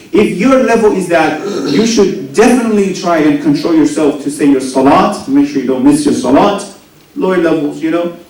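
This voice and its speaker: A man preaching a sermon, swinging between loud rising lines and soft low asides, often asking the audience questions. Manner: animated, rising and dropping to near whispers, asks the audience questions. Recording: very echoey hall, voice from a distance.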